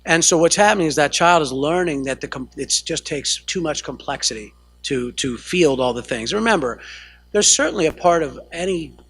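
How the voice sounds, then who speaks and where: With no room sound, the clip captures an American male counselor lecturing a live audience at a family training session. He talks conversationally, keeps checking in with "right?" and corrects himself mid-sentence. His pitch is fairly high, his tone fairly bright and husky, and he's expressive at a moderate pace.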